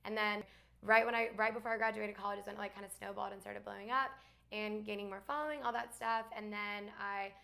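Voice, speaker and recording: Lively, bright-voiced young woman chatting. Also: mid-range voice, fast, vocal fry. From Alabama. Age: young adult. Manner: chatty, laughing, lots of fillers. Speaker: guest. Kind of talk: casual chat.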